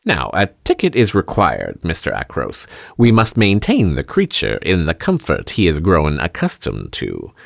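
A man's voice: low-pitched, wildly swooping pitch, moderate pace, gravelly, few pauses, no room sound, clean studio sound, full character voice. A man voicing a middle-aged carnival showman with grand, theatrical sales patter. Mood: showy.

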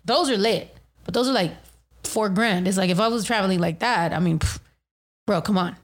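A young woman hosting a casual chat, telling a story in an animated, profane rant full of acted-out quotes. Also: medium pitch. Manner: animated, profane, fast ranting with dramatic reenacted quotes.

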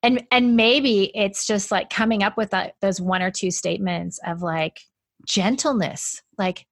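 A woman's voice: mid-range voice, unhurried, fairly bright tone, no echo. A woman in casual conversation, talking freely and laughing often, with a lot of "like" in her speech. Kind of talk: casual chat.

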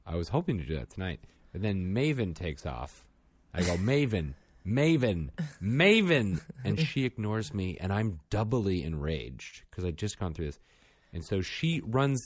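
A man with a very low voice tells stories about his young kids in a casual chat, and his pitch swings widely as he acts out the kids' lines. The sound is dry and close, with no room echo. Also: a little mellow. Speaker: parent of two young children.

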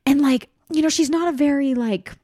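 A woman in her thirties, a mother chatting casually with a friend and telling animated family stories. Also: high voice, normal speed, no room sound, studio quality. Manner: chatty, animated storytelling with quoted voices and laughs. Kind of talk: casual chat.

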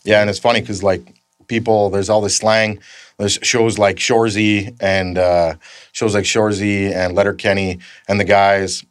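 A Canadian man with a fairly low voice spins loose, rambling stories and swears often. His voice is recorded dry and close, with no room around it. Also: level tone, normal speed, dry recording. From northern Canada. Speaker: guest, stuntman. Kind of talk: casual anecdote telling.

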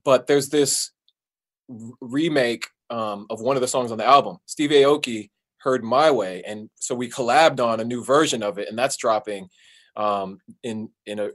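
A male singer talking in a relaxed, easygoing way as an interview guest. His voice sits in an ordinary middle range, and his speech is loose and full of fillers. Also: medium pitch. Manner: relaxed, laid-back, with fillers and playful sung bits. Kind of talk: casual interview chat.

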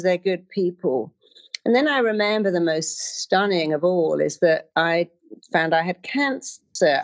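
A woman with a fairly low voice gives a motivational talk as a therapist. She tells stories from her own life and her practice, slipping into the voices of the people she quotes. The audio is slightly dull and lo-fi. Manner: storytelling, acts out quoted voices.

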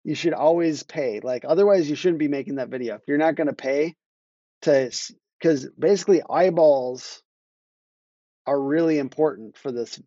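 A man's voice: on the high side, normal speed, dark tone, no echo, dull audio. A man talking casually on a podcast about marketing, rambling and restarting his sentences as he tells a story. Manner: rambling, self-interrupting, laughs while telling stories. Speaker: guest, marketing agency owner.

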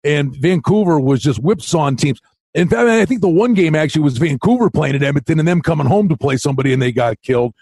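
A man with a fairly high voice co-hosts a sports betting podcast, chatting casually and telling animated stories. The sound is dry and close, with no room echo. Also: fast, slightly rough. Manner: animated storyteller, acts out quotes in a higher voice. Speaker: podcast co-host.

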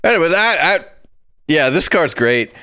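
A talkative podcast co-host, a man with a slightly high voice. He chats casually about cards and hams up the text he reads aloud. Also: expressive, normal speed, sharp tone. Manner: talkative, reads card text with mock drama. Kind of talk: casual chat.

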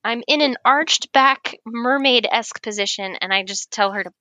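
Guest: woman, higher bright voice, lively storyteller, dry close sound. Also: moderate pace, no echo. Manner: animated, laughs often, acts out quoted lines. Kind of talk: casual storytelling.

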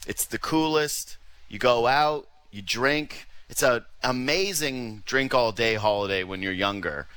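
A man's voice: medium pitch, unhurried, clean tone, no echo. A man co-hosting a hockey talk show, chatting casually and joking, often acting out other people's voices. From Canada. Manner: animated, joking, acts out quoted voices.

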